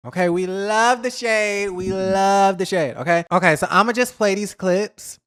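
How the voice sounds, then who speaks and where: A man's voice: sits high, smooth. Chatty gossiping man hosting a vlog. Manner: chatty, animated, dishes shade and mimics others; says y'all, drawn-out emphasis. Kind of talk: casual gossip commentary.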